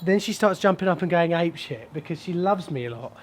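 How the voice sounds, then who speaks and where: A man with a fairly high voice talks through a plumbing job in a casual how-to vlog. He is chatty and jokey, explaining each step as he works. He is recorded indoors in a house. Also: lively intonation, a little fast. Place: boot room of a house, indoors.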